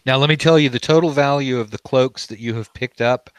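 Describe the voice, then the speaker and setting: A man's voice: mid-range voice, a little fast, smooth, no room sound. A man narrating as game master, describing scenes in a loose, conversational way.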